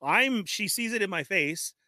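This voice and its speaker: A man telling an animated story in casual chat, laughing often and acting out the dialogue. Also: high voice, unhurried, dry recording. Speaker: show regular telling a story.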